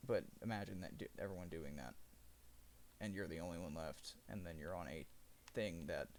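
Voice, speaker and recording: A man's voice: deep voice, normal speed, a little mellow, a little hiss or hum. A man streaming live, chatting casually and rambling about a video game, often correcting himself mid-sentence. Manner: rambling, self-correcting gamer talk. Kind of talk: casual livestream chat.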